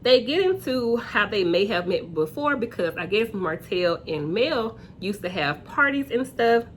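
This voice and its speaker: A woman hosting a casual reality TV recap, chatty and acting out quotes in high voices. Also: big pitch swings, a little slow, fairly bright tone, a little hiss or hum.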